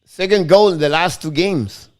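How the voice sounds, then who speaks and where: Excitable hockey streamer. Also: male voice, fairly high pitch, moderate pace. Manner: excitable, switches between English and French, talks to chat viewers. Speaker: hockey live-stream host. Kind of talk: live play-by-play commentary with chat.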